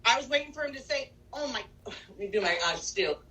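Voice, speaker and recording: A woman's voice: on the high side, lively intonation, fairly quick, sharp tone, low-quality recording. A woman from California with a cold, co-hosting a podcast in a blunt, opinionated way, swearing casually. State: nasal from a cold. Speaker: podcast co-host.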